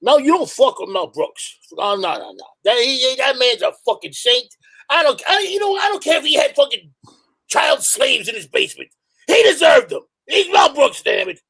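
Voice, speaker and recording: A man's voice: very high-pitched, big pitch swings, moderate pace, bright, forceful tone, rough recording. A middle-aged man with a New York accent, chatting as a guest, profane and rambling as he tells stories. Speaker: guest, hardcore musician. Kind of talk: casual chat, storytelling.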